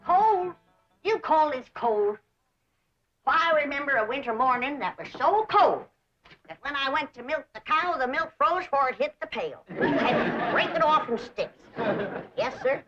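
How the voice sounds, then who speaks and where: A woman's voice: high voice, sing-song, measured pace, a bit bright, a little hiss or hum, heavily acted. An actress playing a feisty, bossy old hillbilly grandmother with an Ozark hill accent, telling tall tales. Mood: scoffing. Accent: Ozark hill country. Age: older. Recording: muffled 1960s TV soundtrack.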